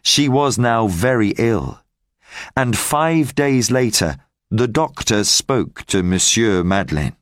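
Man narrating an easy audiobook super slow and clear, lively up-and-down voice, dry close mic. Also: lowish voice, no echo. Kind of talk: graded-reader audiobook narration.

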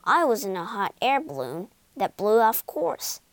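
A timid little old man posing as a great wizard, croaking out his excuses sheepishly, as a woman reads him. The voice is fairly high and swings widely in pitch. It is heard close and dry, like a storybook recording. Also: very animated, a little slow, no room sound.

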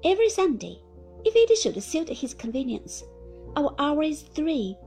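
A woman voicing a prim, formal spinster in a storybook reading. Her speech is measured and precise, pitched fairly high. Faint music plays underneath. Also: very animated, dark tone, heavily acted.

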